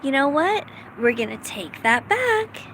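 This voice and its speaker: A woman's voice: sits high, big pitch swings, unhurried, a bit bright, a little hiss or hum, rough recording. A middle-aged woman from the United States, rambling casually in a self-deprecating vlog with lots of fillers. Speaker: vlogger.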